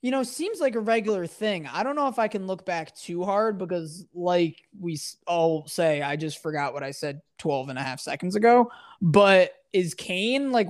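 A man's voice: high-pitched, lively intonation, moderate pace. Guy on a podcast, rambly and jokey, just chatting. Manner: rambling, joking, trails off and restarts. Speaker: podcast co-host. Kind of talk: casual chat.

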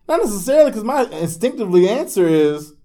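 This is a man from the Washington DC and Maryland area chatting casually with a friend on a podcast. His voice sits slightly higher than most men's. He tells stories in an animated, joking way, swearing freely and laughing often. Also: fast talker. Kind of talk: casual chat.

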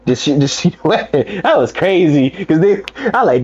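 A young man co-hosting a podcast in casual chat, telling animated stories and acting out quotes. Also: unhurried, few pauses, breathy edge. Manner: animated storytelling, acts out quotes with big pitch jumps and laughs. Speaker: podcast co-host. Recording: slightly muffled, lo-fi sound.

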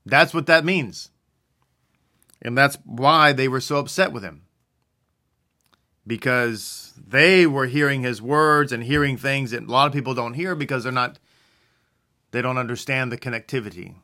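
Bright-voiced man teaching scripture. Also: medium pitch, normal speed, long pauses. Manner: conversational, asks and answers his own questions. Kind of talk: religious teaching.

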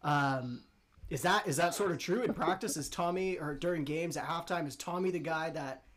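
Brief: male interviewer, slightly higher pitch, hedges his questions. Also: normal speed, a bit bright, slight background noise.

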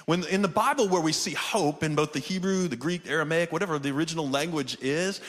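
A man's voice: on the high side, fast talker, a bit bright. Reverberant man preaching a sermon. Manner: conversational, call-and-response with the congregation. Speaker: pastor. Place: church sanctuary, also streamed online.

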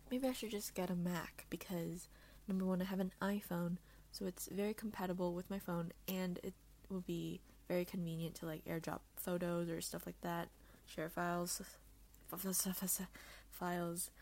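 A young woman rambling alone into her podcast mic. She talks in a loose, self-mocking way and swears freely. She jumps between loud outbursts and quick hushed asides. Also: fairly low pitch. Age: young adult. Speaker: podcast host. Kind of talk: casual solo chat.

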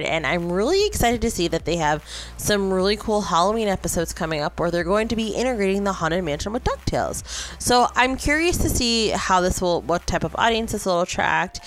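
A woman's voice: lowish voice, a bit bright. A woman, hosting a podcast in a rambling, chatty way full of fillers and restarts. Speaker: podcast host. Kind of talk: casual chat.

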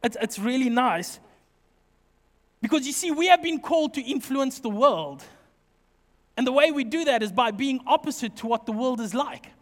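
A middle-aged man preaching a sermon, telling funny personal stories in an animated, joking way. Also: extremely high pitch, moderate pace, pauses often. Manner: humorous, animated storytelling. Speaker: pastor. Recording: long reverb of a hall.

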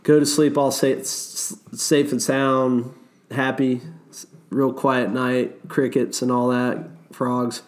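A man's voice: medium pitch, takes it slowly. A man casually telling a story about his river guiding days, swearing freely and acting out the quotes. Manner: animated, swears, acts out quotes.

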